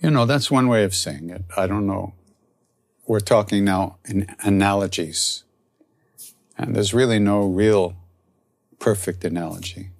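Low-voiced man telling a spiritual story. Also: unhurried, gravelly, long pauses, no room sound. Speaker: spiritual teacher. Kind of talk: storytelling talk.

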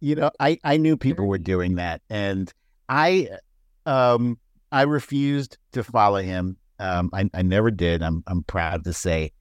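A man chatting casually as a podcast guest, laughing often and jumping into high mocking voices. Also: unhurried, dry recording, studio quality. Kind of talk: casual chat.

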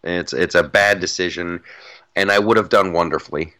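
A man's voice: low voice, moderate pace, bright, forceful tone. A man co-hosting a podcast in casual political chat, emphatic and repeating his punchlines for effect. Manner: emphatic, repeats phrases, mock-boastful. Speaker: podcast co-host.

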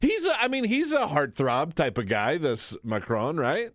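A man's voice: a little high, big pitch swings, measured pace, fairly bright tone, no room sound, clean studio sound. A man filling in as the host of a radio talk show, chatting casually and laughing often.

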